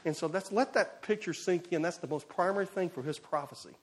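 A man preaching an expository sermon, animated and emphatic, swinging between loud bursts and quiet asides. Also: high voice, a little fast.

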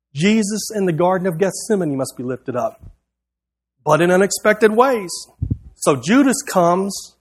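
High-voiced guy preaching, reading his text out in an earnest rhythmic way. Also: breathy edge. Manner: earnest, rhythmic, with a repeated refrain. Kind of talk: sermon, reading a prepared text aloud.

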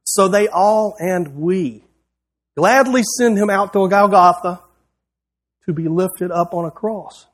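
A man's voice: sits high, takes it slowly. A man preaching a sermon, reading a prepared text aloud in an earnest, rhythmic way with a repeated refrain.

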